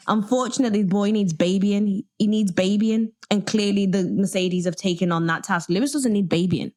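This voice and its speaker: A woman's voice: mid-range voice, steady tone, a little fast, few pauses, a little mellow. A woman co-hosting a podcast, telling stories in a blunt, wry casual chat. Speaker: podcast co-host.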